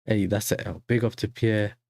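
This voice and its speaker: A man's voice: lowish voice, flat delivery, normal speed, gravelly, darkish tone, dry recording. A young man hosting a casual football livestream, chatty and full of slang, often asking "you know what I'm saying". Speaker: football fan channel host. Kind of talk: casual livestream reaction chat.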